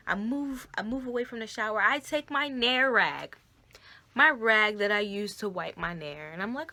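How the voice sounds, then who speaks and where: A woman's voice: mid-range voice, lively intonation, normal speed, sharp tone. A woman vlogger telling a story casually to her camera, chatting directly with her viewers as y'all and guys, recorded on a phone camera.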